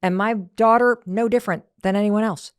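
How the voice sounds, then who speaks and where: A middle-aged woman hosting a podcast, telling a story in an animated motivational talk that drops to whispered asides. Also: medium pitch, moderate pace, clear, resonant tone, no echo, studio quality. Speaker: podcast host.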